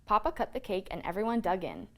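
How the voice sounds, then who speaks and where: Animated woman reading a children's story. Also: medium pitch, quick pace. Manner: expressive, animated read-aloud. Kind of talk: reading a children's picture book aloud.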